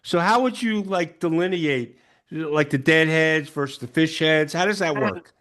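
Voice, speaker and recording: A man co-hosting a podcast, asking a question in a halting, hesitant way. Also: on the high side, a bit bright. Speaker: podcast co-host. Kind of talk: casual interview question.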